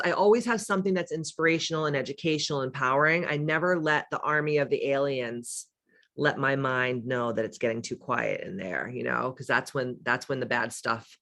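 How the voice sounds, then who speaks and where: A woman's voice: low-pitched, fairly bright tone. A middle-aged woman with a smoky voice, hosting a casual livestream as a spiritual coach, reading viewer comments and talking candidly, with profanity and frequent laughter. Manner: candid and profane, laughs often, playful asides.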